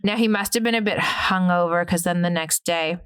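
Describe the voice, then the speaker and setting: A woman's voice: fairly low pitch, brisk, a bit bright, clean tone. A woman, a podcast guest candidly telling a personal story, full of filler words and acted-out quotes.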